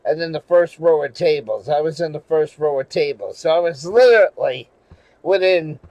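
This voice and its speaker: High-voiced male host, casual profane storyteller, lots of laughs and restarts, dry close mic. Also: moderate pace, a little mellow, no room sound, low-quality recording. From New England. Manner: rambling, profane, laughing often, with many restarts. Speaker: channel host.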